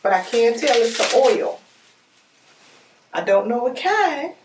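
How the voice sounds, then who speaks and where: Excitable woman, roomy and distant. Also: a little high, slow, background noise. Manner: excitable, gushing, talks straight to viewers. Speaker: unboxing vlogger. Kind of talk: casual unboxing chat. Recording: roomy echo, mic at a distance.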